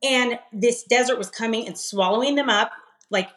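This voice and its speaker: A middle-aged woman, a podcast guest, telling a personal story in an emphatic, animated way with frequent laughs. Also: fairly high pitch, moderate pace, background noise. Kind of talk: conversational storytelling interview.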